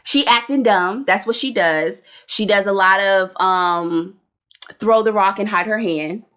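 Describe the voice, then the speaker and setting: A woman co-hosting a show-review chat, blunt and animated, with plenty of slang and cursing. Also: medium pitch, measured pace, clean tone. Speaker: podcast co-host reviewing a reality show. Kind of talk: casual opinionated chat.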